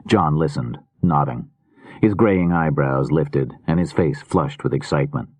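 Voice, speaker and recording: A man reading a mystery novel aloud in a measured, steady narration. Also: rumbling low, breathy edge, dry recording. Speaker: audiobook narrator. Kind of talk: scripted narration.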